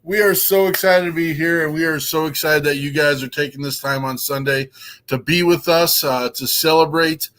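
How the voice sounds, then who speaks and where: A man's voice: on the high side, steady tone, normal speed, a bit bright. A man hosting a casual show, enthusiastic and rambling, with many ums and uhs. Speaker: podcast host.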